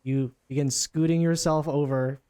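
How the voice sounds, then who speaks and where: A man's voice: on the high side, fairly even intonation, normal speed, warm tone, clear, resonant tone. A man running a tabletop game as game master, narrating in a casual, rambling way.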